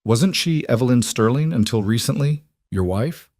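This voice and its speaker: A man's voice: mid-range voice, lively intonation, normal speed, darkish tone, no room sound, clean studio sound, voice pushed up. A man voicing a shrewd, direct society wife who speaks bluntly. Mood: blunt candor.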